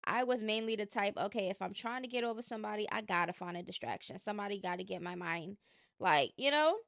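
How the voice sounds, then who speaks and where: A woman's voice: medium pitch, fast talker, gravelly, fairly bright tone, no room sound, studio quality. A woman hosting a casual gossip commentary, talking in an opinionated, chatty way and drawing out her emphasis. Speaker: commentary channel host.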